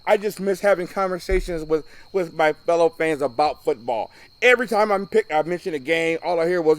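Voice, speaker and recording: A man's voice: on the high side, brisk, no echo. A man co-hosting a casual local football show, ranting bluntly and driving his points home with "okay?". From Ohio, USA. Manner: blunt, emphatic, repeats "okay?" for emphasis. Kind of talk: casual rant.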